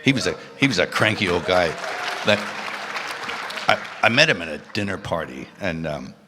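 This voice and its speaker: A man telling stories in a relaxed, laid-back way, fidgety and quick to laugh, heard in interview clips. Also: low voice, a crowd in the background, background noise. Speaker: interview guest. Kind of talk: relaxed storytelling.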